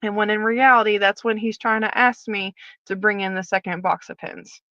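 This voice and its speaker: A woman's voice: medium pitch, fairly even intonation, normal speed, sharp tone, dry recording, dull audio. A woman, a former prison officer, candidly telling her personal story as a guest and acting out the dialogue as she retells it.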